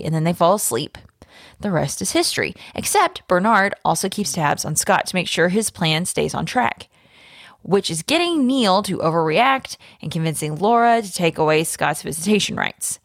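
A woman podcast host reading a fan theory aloud, with lively storytelling emphasis. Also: fairly low pitch, moderate pace, dry recording, clean studio sound.

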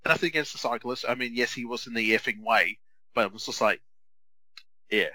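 Casting: young Australian bloke, bright forceful voice, dry close mic, animated swearing storyteller. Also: male voice, mid-range voice, fairly quick, no room sound, low-quality recording. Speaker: podcast co-host. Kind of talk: casual watch-along chat.

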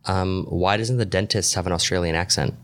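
Tipsy, loud podcast co-host man. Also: low voice, a little fast. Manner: loud, excitable and swearing. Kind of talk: casual drinking banter.

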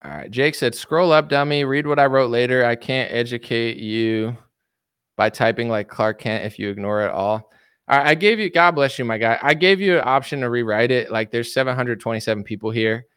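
Rambling man with a smooth, dry voice. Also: medium pitch, fairly quick, fairly bright tone, dry recording. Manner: rambling, filler-heavy, frequent restarts. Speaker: livestream commentator reading chat. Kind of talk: casual political rant.

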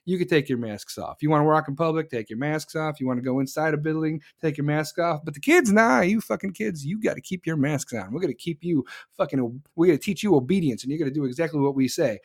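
A man hosting his own podcast, venting in an angry, profane, combative rant and answering live listeners as he goes. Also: a little high. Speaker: podcast host. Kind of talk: solo political rant podcast.

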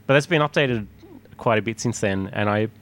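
A man's voice: on the low side, brisk, fairly bright tone, clean tone. A man talking casually about retro arcade hardware in a podcast conversation, rambling with restarts and frequent laughs. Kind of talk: casual chat.

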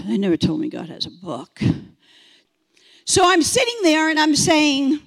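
Woman, high voice, slow-paced testimony storytelling, hall reverb. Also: gravelly. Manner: animated, acts out quoted voices. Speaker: testimony speaker.

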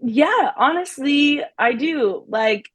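A young adult actress talking casually in an interview, upbeat, laughing often and using lots of "like" fillers. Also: female voice, high-pitched, expressive, slow pace, fairly bright tone, no echo. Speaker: guest actress.

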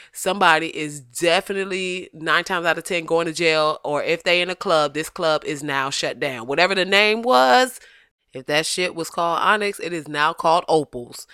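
Animated, laughing podcast host with a bright voice. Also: mid-range voice, smooth, no room sound, clean studio sound. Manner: animated, laughs often, slips into quoted voices. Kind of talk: casual comedic podcast chat.

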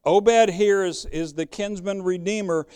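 A man's voice: sits high, fairly even intonation, a little slow, a little mellow, clean tone. A man preaching a sermon as pastor, emphatic and fond of rhetorical questions.

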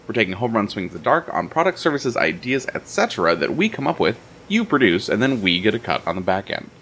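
A man's voice: lowish voice, very animated, quick pace, fairly bright tone, a little hiss or hum. A man hosting a podcast, chatting loosely with fillers and self-deprecating jokes. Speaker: podcast host. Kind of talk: casual podcast chat.

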